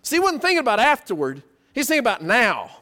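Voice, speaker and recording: A man's voice: extremely high pitch, wildly swooping pitch, quick pace, pushed and bright. A man preaching a sermon, telling a story in a conversational way full of rhetorical questions and acted-out quotes.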